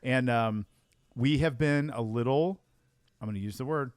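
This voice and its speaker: A man's voice: medium pitch, normal speed, smooth, no room sound, clean studio sound. A man co-hosting a sales podcast, chatting casually and telling stories with emphatic repeated phrases. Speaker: podcast co-host.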